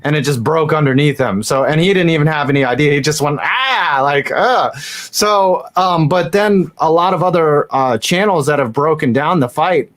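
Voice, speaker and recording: Rambling, slightly high-voiced male host. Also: moderate pace. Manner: rambling, animated storytelling. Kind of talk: casual sports chat.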